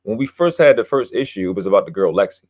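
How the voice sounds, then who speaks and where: Low-voiced man boasting in a heated podcast chat. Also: animated, quick pace, a little mellow. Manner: boastful, emphatic, profane. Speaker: podcast guest. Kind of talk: heated casual debate talk.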